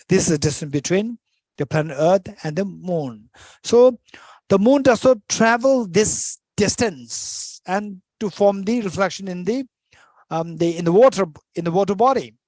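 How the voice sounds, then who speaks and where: A man's voice: sits high, a little mellow, no room sound. A man teaching Buddhist philosophy in English, repeating phrases and restarting as he explains. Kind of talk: dharma teaching.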